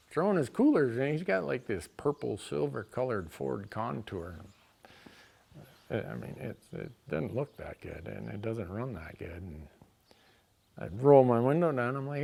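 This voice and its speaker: A middle-aged man telling a comic story, exasperated, swinging between quiet asides and loud outbursts. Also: medium pitch, big pitch swings, normal speed, creaky, pauses often, husky.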